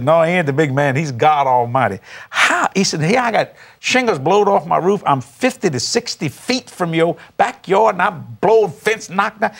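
A man, a pastor telling a testimony story with animated, laughing preacher emphasis. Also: on the high side. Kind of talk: storytelling testimony on a talk show.

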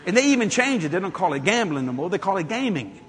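A male preacher telling stories in a folksy, animated way, building to exclamations before a congregation. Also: high-pitched, quick pace. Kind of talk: storytelling sermon. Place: church hall or auditorium. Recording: echoey hall with a congregation.

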